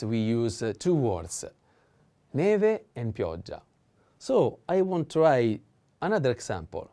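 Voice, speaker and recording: A man teaching a language lesson, explaining slowly with frequent fillers and pauses. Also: mid-range voice, dark tone.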